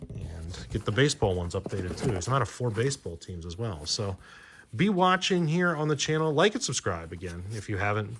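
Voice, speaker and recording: A man's voice: fairly low pitch, fairly bright tone, slight background noise. A man chatting loosely on his card-collecting channel, rambling with fillers and restarts as he sorts through old boxes. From Maryland, US. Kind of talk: casual chat while opening cards.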